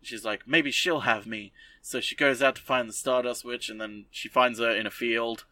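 Sarcastic rambling podcast host, bright voice. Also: male voice, medium pitch, level tone, normal speed, recorded from a distance. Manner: rambling, sarcastic, lots of fillers. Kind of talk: casual anime recap.

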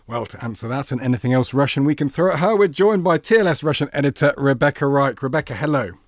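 Male podcast host, brisk and upbeat, mid pitch, dry close mic. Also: no echo. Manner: lively, reads intros then banters. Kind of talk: literary magazine podcast chat.

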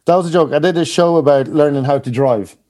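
Irish male comic guest, mellow tone, chatty and rambling. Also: on the high side. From Ireland. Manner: chatty rambling storyteller, quick to laugh. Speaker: guest comedian. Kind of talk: casual chat.

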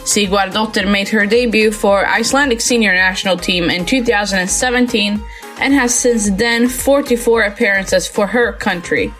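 A woman hosting a sports interview podcast, talking in an upbeat, friendly way. She reads out introductions smoothly at a middle pitch. Faint music sits underneath. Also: normal speed, a bit bright. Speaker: podcast host.

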